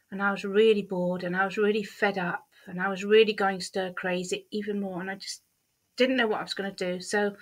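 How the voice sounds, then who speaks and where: A woman's voice: medium pitch, a bit bright. A middle-aged woman vlogger chatting candidly about her week, with a lot of ums and repeated words. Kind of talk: casual diary-style vlog.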